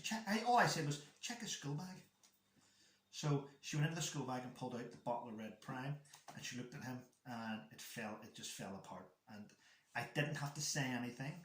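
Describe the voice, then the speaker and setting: A man chatting casually as a guest, telling a rambling story about his son and acting out the dialogue. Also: mid-range voice. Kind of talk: casual chat. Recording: echoey room.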